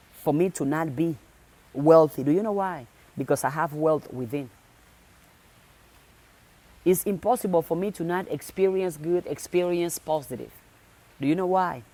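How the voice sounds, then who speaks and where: A woman's voice: deep voice, warm tone. A woman motivational speaker talking to her viewers, insistent and direct, driving points home by repeating phrases over and over. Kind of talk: motivational talk.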